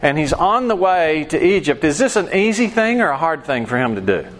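A man's voice: on the high side, big pitch swings, a little fast. A man leading a Bible study class in a conversational way, acting out quoted voices and asking the class questions.

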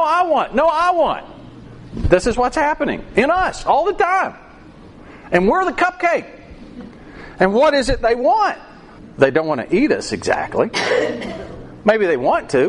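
A man's voice: high voice, slight background noise. A man preaching a sermon, acting out quoted voices with animation.

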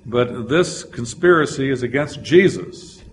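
A man's voice: medium pitch, expressive, a little slow, a little hiss or hum. A man teaching a Bible lecture, explaining verses and reading scripture aloud with frequent "uh" fillers.

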